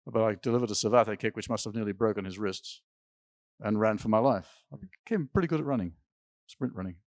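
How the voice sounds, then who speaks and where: A man's voice: lowish voice, a little fast, no room sound, studio quality. An older man in an interview, telling rambling personal stories with occasional laughs and restarts. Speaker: interview guest. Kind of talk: storytelling in an interview. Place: symposium stage.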